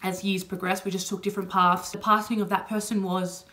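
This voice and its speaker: A young vlogger with a mid-range, fairly bright voice answers personal questions in a casual video chat, speaking a little fast with a flat delivery. She's chatty, open and emotional, leaning heavily on "like" and "you know."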